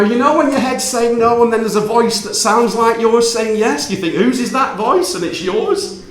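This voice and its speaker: A man telling a personal story to an audience, playful and animated, acting out the dialogue. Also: on the high side, slight background noise. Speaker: speaker giving a talk. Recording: roomy hall reverb.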